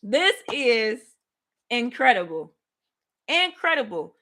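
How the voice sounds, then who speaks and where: Excited woman host, high bright voice, big swings in pitch, chatty and animated Bible teacher. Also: slow. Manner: animated, laughing, talks to viewers as y'all. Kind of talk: livestream Bible study, excited casual teaching.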